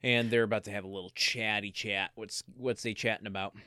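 A man chatting casually as a podcast co-host, relaxed as he recaps sitcom scenes and moves the talk along. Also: fairly low pitch, fairly quick, clean tone, no room sound, studio quality. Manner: relaxed, steers the conversation to the next scene.

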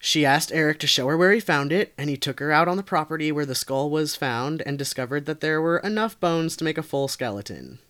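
A woman's voice: low voice, brisk, few pauses, a bit bright. A woman co-hosting a podcast, casually telling a true crime story with lots of fillers and frequent laughs. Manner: laid-back, laughs often, lots of fillers.

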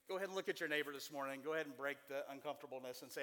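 A man in his forties preaching a sermon to a church congregation, folksy and joking, with animated delivery. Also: a little high, fast talker, few pauses, in a large hall. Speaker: pastor.

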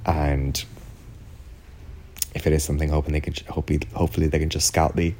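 Very deep-voiced Irish man chatting. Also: level tone, fast talker, darkish tone, a little hiss or hum. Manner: chatty and rambling, heavy on "like" and "do you know what I mean". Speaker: podcast host. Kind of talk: casual solo chat.

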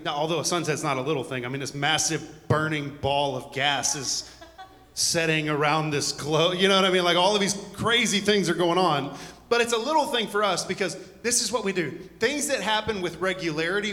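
A man's voice: a little high, sharp tone, long reverb tail. A man preaching a conversational sermon to a congregation, full of joking asides and rambling stories. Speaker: pastor.

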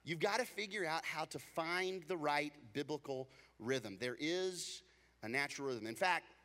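In a large hall, a pastor preaches a sermon in a casual, joking manner, slipping into acted voices to tell everyday stories. His voice sits on the high side, bright and forceful, at a measured pace.

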